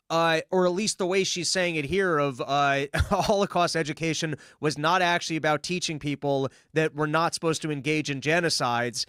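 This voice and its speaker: A man's voice: on the high side, fairly bright tone, no echo, clean studio sound. A man hosting a political debate podcast, laying out his arguments point by point. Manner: argumentative, lays out points step by step. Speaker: podcast host.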